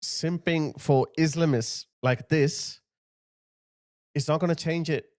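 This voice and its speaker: A man's voice: a little high, steady tone, slow pace, a little mellow, no echo, clean studio sound. A man hosting a commentary video, ranting in a heated, scornful way and repeating short jabs. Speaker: commentary channel host.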